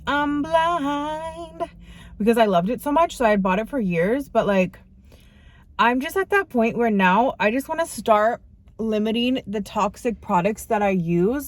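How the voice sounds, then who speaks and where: A woman's voice: medium pitch, darkish tone, dry recording. A young woman vlogger chatting casually to her viewers in slangy, filler-heavy talk. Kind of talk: casual vlog chat.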